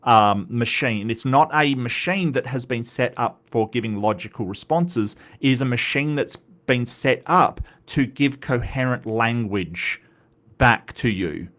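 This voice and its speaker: A man's voice: mid-range voice, a little slow, a bit bright. A man hosting a casual commentary video, talking in a rambling, self-deprecating way and often getting sidetracked. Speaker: commentary host.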